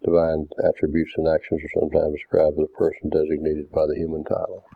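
Very deep flat-voiced man preaching. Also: gravelly, no room sound. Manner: deliberate, didactic, reads verses aloud. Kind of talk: doctrinal sermon with scripture readings. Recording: tinny phone-like dry sound.

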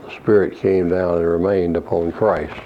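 A man preaching an expository Bible lesson, reading verses slowly and explaining Greek words in a measured way. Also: deep voice, level tone. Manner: slow, measured reading of scripture with Greek word study. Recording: dull lo-fi recording with faint hiss.

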